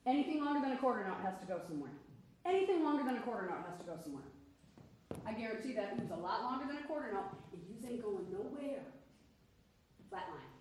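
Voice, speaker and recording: Playful high-voiced woman vocal coach. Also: very animated, quick pace, a little mellow. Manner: playful, teasing and encouraging; breaks into sung demonstrations. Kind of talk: coaching a singer. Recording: echoey room, mic far off, faint noise.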